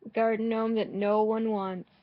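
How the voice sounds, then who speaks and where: A woman's voice: fairly high pitch, little pitch movement, normal speed, lo-fi sound. A woman giving casual, rambling commentary while playing a game, sarcastic and swearing, often restarting her sentences. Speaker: gaming vlogger.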